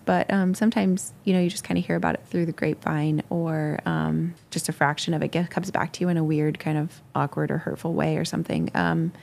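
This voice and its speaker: A woman's voice: on the low side, creaky, a little mellow. A woman ministry leader who answers questions in a rambling, self-reflective way.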